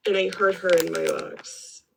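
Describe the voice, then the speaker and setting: A woman's voice: fairly low pitch, fairly even intonation, unhurried, vocal fry, a little hiss or hum, rough recording. A woman giving blunt, rambling commentary on a live stream, swearing freely and repeating herself. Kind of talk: casual opinionated commentary.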